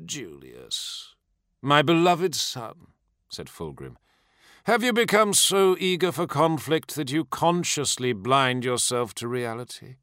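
A man voicing a possessed male demon prince who is silken and mocking, speaking slowly and theatrically. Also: medium pitch, big pitch swings, fairly bright tone, no echo, studio quality, pitched above the performer's own voice. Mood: scornful.

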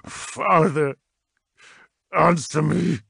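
Brief: male reader doing an anguished war-priest for a storybook read, low and dry, lurching between murmurs and bellows. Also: sing-song, slow pace, creaky, dry recording, full character voice. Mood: roaring. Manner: swings from hushed pleading to roaring. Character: grieving fallen male warrior-chaplain, tormented.

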